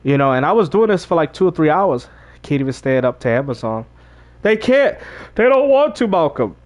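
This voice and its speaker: A man's voice: on the high side, sing-song, fairly quick. A man streaming a game while talking casually to his chat, preachy and emphatic. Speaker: gaming streamer. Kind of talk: casual livestream talk.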